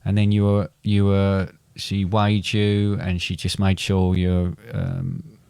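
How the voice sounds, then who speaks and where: A man's voice: low voice, monotone, slow pace, gravelly, darkish tone, smooth, no echo. A middle-aged man, a father and podcast co-host, chatting casually and rambling with many restarts and fillers. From England. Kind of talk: casual chat.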